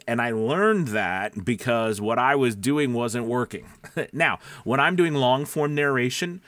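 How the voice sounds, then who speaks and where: In a slow, expressive delivery, a voice-over coach with a medium, somewhat nasal, slightly bright voice advises voice actors casually to camera. There's no echo, and his conversational style includes restarts and questions aimed at viewers.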